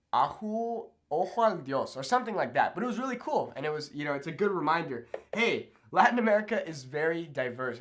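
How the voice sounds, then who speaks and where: An upbeat young man teaching at a whiteboard, his pitch bouncing up and down as he explains. He talks in a friendly, chatty way and keeps checking in with the listener. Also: a bit bright. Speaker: Spanish teacher. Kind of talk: whiteboard language lesson. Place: room with a whiteboard.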